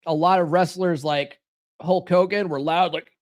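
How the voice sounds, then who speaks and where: A live stream host gives dating advice in a blunt, profane, coaching tone while talking casually. His voice is high-pitched and steady, at normal speed.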